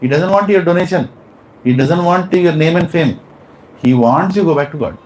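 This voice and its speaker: A man's voice: fairly high pitch, moderate pace, slight background noise, poor audio. A man with an Indian English accent teaching a spiritual class, telling stories animatedly and asking his students questions. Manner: animated, acts out characters, asks the class questions. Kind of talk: class lecture with storytelling.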